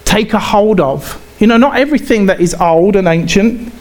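A man with an English accent preaching a sermon in a conversational way, halting and often repeating himself. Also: sits high, animated, a little mellow. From England.

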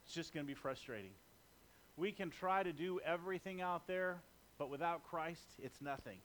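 A man with a high voice delivers a sermon in a loose, chatty manner. He jokes with the congregation and slips into acted-out quotes along the way. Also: normal speed, fairly bright tone, slight background noise. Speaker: preacher.

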